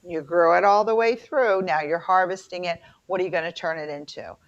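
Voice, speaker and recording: Low, gravelly woman co-host, casual rambling storyteller, dull lo-fi sound. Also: fairly quick. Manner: chatty storyteller with many fillers. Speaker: podcast co-host. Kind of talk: casual chat. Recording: dull lo-fi recording.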